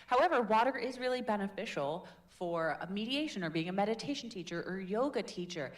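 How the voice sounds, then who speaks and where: Energetic woman coaching a voice class. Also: medium pitch, brisk. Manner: energetic, playful, demonstrating voices. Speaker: public speaking coach. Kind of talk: live voice workshop. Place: workshop room with audience.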